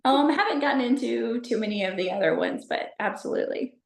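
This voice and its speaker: A woman from Texas, a podcast guest telling stories in a chatty, animated way, full of fillers. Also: on the high side, brisk, gravelly, roomy sound. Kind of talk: casual storytelling chat.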